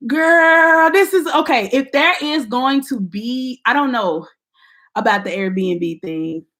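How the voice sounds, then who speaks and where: A young woman with a Southern American accent, chatting casually on a livestream, reading comments and talking straight to her viewers in a playful, animated way. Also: high-pitched, slow. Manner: animated, playful, Southern-tinged slang, talks to viewers directly. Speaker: YouTuber doing a livestream. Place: at home at her computer.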